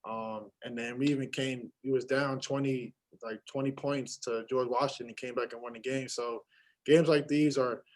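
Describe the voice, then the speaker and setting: Young male athlete, postgame presser; halting delivery full of fillers. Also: mid-range voice, steady tone, poor audio. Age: young adult. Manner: halting, many fillers and restarts. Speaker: college basketball player. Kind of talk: postgame press conference answers.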